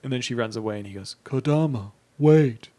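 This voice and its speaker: A man co-hosting a podcast, casually recapping an anime episode with jokes, fillers and quick put-on voices for the characters. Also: lowish voice, fairly even intonation. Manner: frequent fillers and trailing asides. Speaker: podcast co-host.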